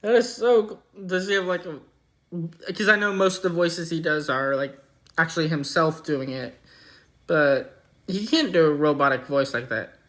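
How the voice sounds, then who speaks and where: Chatty reactor thinking out loud. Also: mid-range voice, normal speed. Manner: musing, chatty, thinks aloud. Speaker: reaction video host. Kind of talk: casual commentary.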